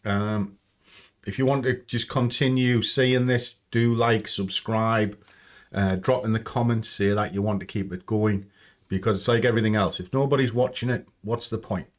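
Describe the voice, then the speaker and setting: A man's voice: lowish voice, steady tone, normal speed. A man hosting a trading channel from home, walking through his screen in a chatty, blunt way and swearing freely. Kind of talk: casual screen-share walkthrough.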